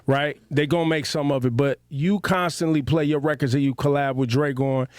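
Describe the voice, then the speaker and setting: A man with a slightly high voice asks questions in a relaxed, casual way, recorded dry and close. He thinks out loud as he sets up his point. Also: brisk, no room sound. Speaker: podcast interviewer.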